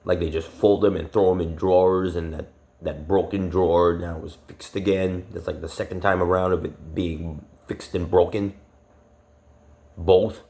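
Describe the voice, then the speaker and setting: Deep-voiced man ranting, swearing heavily. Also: little pitch movement, normal speed, dark tone. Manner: profane, agitated, heavy swearing; rambling with many fillers and restarts. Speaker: vlogger. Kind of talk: angry personal rant.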